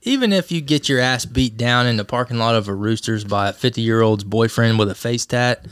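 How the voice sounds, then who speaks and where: A man's voice: mid-range voice, fairly quick, a bit bright, smooth, dry recording, clean studio sound. Wry man bantering with a friend. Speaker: podcast co-host. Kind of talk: casual chat.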